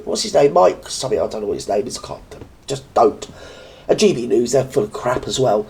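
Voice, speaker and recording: Standing indoors for her reaction video, a British woman rants a little fast with lively intonation, her very deep voice creaky and dark. She mocks others in put-on voices, her commentary dripping with sarcasm and indignation.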